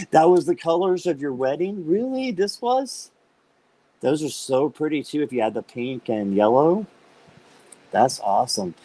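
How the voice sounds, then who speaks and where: A man's voice: medium pitch, a little slow, long pauses, mellow, low-quality recording. Guy doing a tarot reading live, chatty and laughing a lot, talks to viewers by name, ordinary mid-range voice. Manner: chatty and upbeat, laughs often while talking. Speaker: tarot reader hosting a live stream. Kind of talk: casual live-stream chat and card reading.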